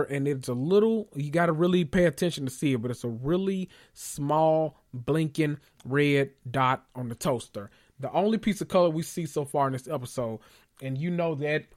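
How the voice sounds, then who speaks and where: A man hosting a casual recap, animated and joking, with frequent profanity. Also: fairly high pitch. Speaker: podcast host recapping a TV episode. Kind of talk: casual chat.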